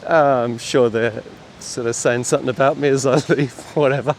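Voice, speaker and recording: A man's voice: mid-range voice, fairly even intonation, normal speed, a little hiss or hum. A man giving casual, wry walking commentary to a handheld camera outdoors on a beachfront street. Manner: wry, chatty asides to the camera. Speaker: vlogger on a walking tour.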